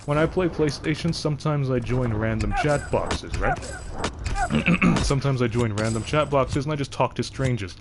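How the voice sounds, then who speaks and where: A young man with a deep voice, chatting casually on a game livestream and rambling from thought to thought with frequent restarts. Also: moderate pace, heavy background noise. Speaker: game streamer.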